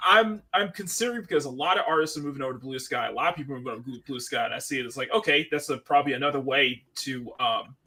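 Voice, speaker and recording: A man hosting a relaxed livestream, chatting and greeting viewers by name. His voice is bright and a little husky, and he breaks into laughter often. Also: mid-range voice, racing, few pauses. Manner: chatty, laughs often, reads chat aloud. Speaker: livestream host. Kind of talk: casual chat.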